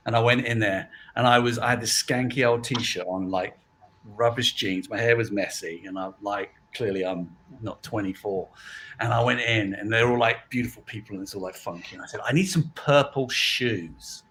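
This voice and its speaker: A man's voice: fairly low pitch, fairly even intonation, brisk, a bit bright, slight background noise. A middle-aged man, a guest on a chat stream who tells stories with animation and acts out the voices of the people he quotes. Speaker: guest from a toy company. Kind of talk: casual chat.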